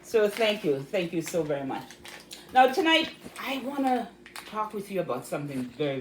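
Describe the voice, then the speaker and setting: Brief: Jamaican woman, vlog host, animated and repetitive for emphasis, roomy echo with faint hiss. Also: medium pitch, moderate pace. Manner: animated, repeats words for emphasis. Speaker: vlogger. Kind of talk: casual vlog talk. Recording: echoey room with faint noise.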